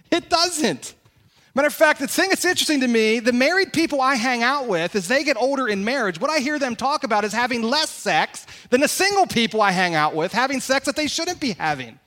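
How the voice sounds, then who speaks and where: A man preaching a sermon as pastor, in an animated, conversational way and asking the congregation questions. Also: very high voice. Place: church sanctuary.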